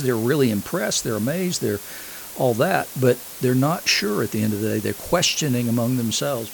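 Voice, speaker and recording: Male pastor, middle pitch, some vocal fry, teaching sermon that reads scripture and asks the congregation questions. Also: slight background noise, poor audio. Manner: reads scripture aloud and explains it. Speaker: preacher.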